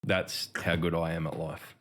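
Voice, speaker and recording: A man's voice: low-pitched, little pitch movement, moderate pace, fairly bright tone. A man with an Australian accent co-hosting a gaming podcast, swearing freely and laughing through his stories. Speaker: podcast co-host. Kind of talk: casual gaming chat.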